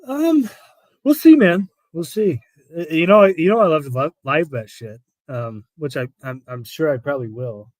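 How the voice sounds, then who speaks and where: Male co-host, mid-pitch, halting and repetitive delivery, dry close recording. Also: no room sound. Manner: hesitant, repeats words, many fillers. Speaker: betting analyst co-host. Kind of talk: casual live-stream chat.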